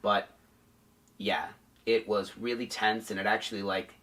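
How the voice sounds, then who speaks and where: A man's voice: lowish voice, flat delivery, a little slow, a bit bright, far from the mic. A man casually reviewing a haunted attraction, rambling with many ums and restarts.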